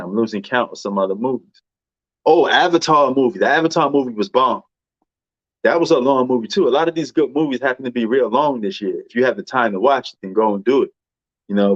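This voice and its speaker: A man's voice: mid-range voice, no room sound, highs cut off. A man with a New York accent chatting casually and rambling about movies, full of slang and fillers. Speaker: movie commentator. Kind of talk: casual chat.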